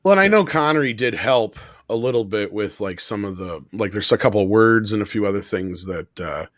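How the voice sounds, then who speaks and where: A man's voice: fairly low pitch, expressive, fairly quick, no echo, clean studio sound. A man, a guest commentator on a film roundtable, talking casually with chuckling asides.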